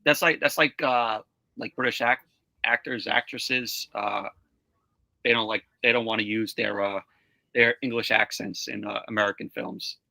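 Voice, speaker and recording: A man watching a movie along with a friend, talking casually in halting bits with frequent fillers. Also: lowish voice, fairly even intonation, creaky, pushed and bright, no echo.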